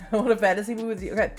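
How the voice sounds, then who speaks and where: A woman's voice: medium pitch, steady tone, racing, darkish tone, soft background music. An American woman from the Boston area who reads a text game aloud and chats with viewers in a rambling, laughing way. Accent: General American. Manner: chatty and rambling, often laughing at her own asides. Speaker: streamer reading an interactive novel aloud.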